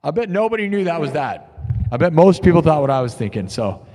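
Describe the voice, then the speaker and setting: A young man hosting a live music stream, ranting and mocking his chat, swinging between shouting and muttering. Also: on the high side, big pitch swings, brisk.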